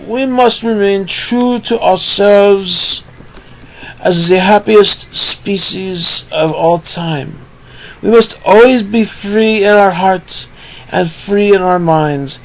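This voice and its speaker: A man doing a rousing high-voiced old pig. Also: takes it slowly, low-quality recording. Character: old male pig elder, rousing speaker.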